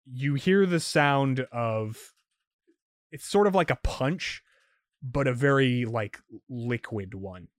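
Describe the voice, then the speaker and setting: A man's voice: mid-range voice, expressive, slow, no room sound, clean studio sound. A man narrating as game master for a tabletop game, rambling with many fillers and restarts.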